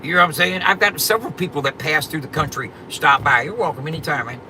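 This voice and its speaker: Over some background noise, a man with a slightly high voice talks fast while hosting a casual livestream. He jokes, brags, and swears to his chat in a relaxed drawl, frequently repeating "you know what I'm saying."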